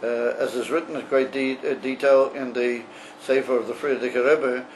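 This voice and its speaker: A rabbi teaching a class on a religious text, explaining slowly and haltingly with frequent pauses and fillers. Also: male voice, medium pitch, fairly even intonation, a little hiss or hum, poor audio.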